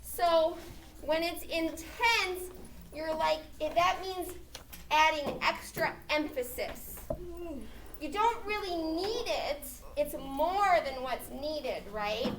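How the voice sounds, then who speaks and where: In a classroom, a woman teaches a grammar lesson, checking in with "okay?" as she explains. Her voice is extremely high-pitched and fairly bright. The mic is far off in the echoey room, with slight background noise.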